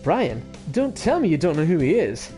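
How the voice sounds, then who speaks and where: A man's voice: on the high side, very animated, warm tone, soft background music. A man putting on a pompous faux-French pigeon. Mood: grandiose. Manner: slow, theatrical, attempts a French accent. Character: pompous male pigeon with a fake French flair.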